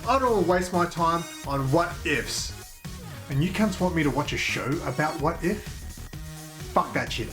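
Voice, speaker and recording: A man's voice: on the high side, fairly bright tone. An Australian man hosting a comedy show, ranting in a brash, profane, mock-aggressive way. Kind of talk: crude comedic rant.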